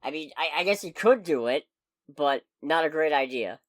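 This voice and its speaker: A woman's voice: low-pitched, animated, normal speed, no room sound, studio quality. A woman co-hosting a podcast in casual chat, rambling and correcting herself as she jokes along. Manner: rambling, self-correcting, jokey. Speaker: podcast co-host.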